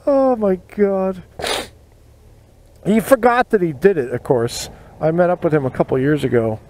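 With a slightly high voice that swings widely in pitch, a fortysomething man talks fairly fast while on his motorcycle in urban traffic. The vlogger tells casual stories poking fun at himself, captured on a helmet-mounted mic amid loud traffic and road sounds.

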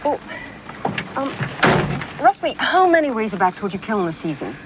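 A woman's voice: on the high side, very animated, normal speed. An actress playing a hesitant, stammering woman activist questioning a hunter, in film audio with outdoor noise. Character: nervous young woman activist reporter. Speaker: animal rights interviewer in a film.

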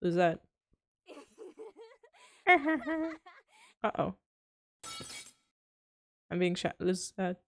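A woman's voice: on the low side, completely flat delivery, a little slow, vocal fry, long pauses, darkish tone. A woman streaming a game live, giving goofy, playful running commentary and reading the dialogue aloud.

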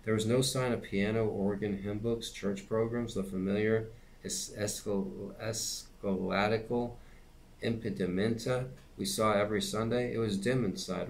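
A man reading a novel aloud at a steady pace, with occasional slips and restarts. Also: fairly low pitch, slight background noise. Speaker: reader and teacher.

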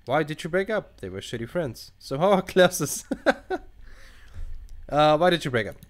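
A man's voice: a little high, big pitch swings, moderate pace. Man reading game chat with sarcastic asides. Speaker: let's play gamer. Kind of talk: casual let's play commentary. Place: at home at a computer.

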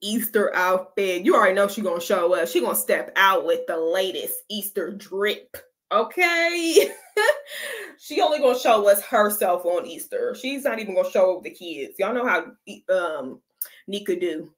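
A woman's voice: medium pitch, lively intonation, moderate pace. A woman runs a casual reaction stream, speaking to her viewers in loose slang. She laughs often and keeps the chat going between clips. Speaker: reaction video host.

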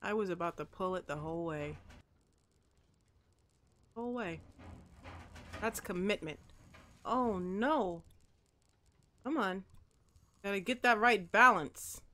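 Brief: woman gamer, let's-play commentary, unhurried, bright tone, chats to the game objects. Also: mid-range voice, slight background noise. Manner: talks to the game and its objects, swings between mopey and excited outbursts.

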